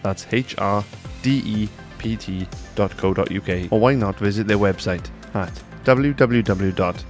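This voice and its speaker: A man reading sponsor adverts for a podcast in a brisk, upbeat promotional way. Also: lowish voice. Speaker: ad reader. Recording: music bed underneath.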